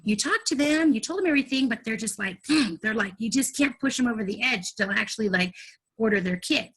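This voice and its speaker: Young woman trainer, high-ish voice, chatty and bubbly, acts out calls. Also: expressive, quick pace, a bit bright, slightly rough. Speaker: direct sales trainer. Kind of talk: casual training talk.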